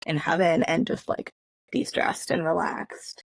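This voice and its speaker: A woman esthetician talking as a guest on a podcast, relaxed and casual with lots of filler words. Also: low-pitched, unhurried, vocal fry, dry recording. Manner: relaxed, talks with many likes and fillers. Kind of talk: casual chat.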